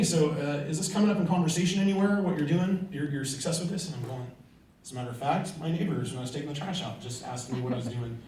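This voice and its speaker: A middle-aged man giving a motivational speech, telling stories and acting out the conversations in them. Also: fairly high pitch. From California. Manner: storytelling, acting out quoted conversations. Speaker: motivational speaker. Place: large hall before an audience. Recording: echoey hall, mic from far off.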